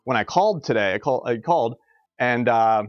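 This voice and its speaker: A man's voice: mid-range voice, animated, normal speed, no room sound, dull audio. A man live-streaming, telling a story in a loose, rambling way with frequent laughs and restarts. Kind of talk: casual storytelling on a livestream.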